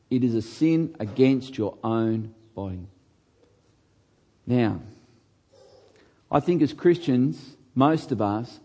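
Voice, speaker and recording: A middle-aged man preaching a sermon, earnest, slowing down and dropping his voice on key words. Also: warm tone. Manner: earnest, slows down and drops low on key words. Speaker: pastor.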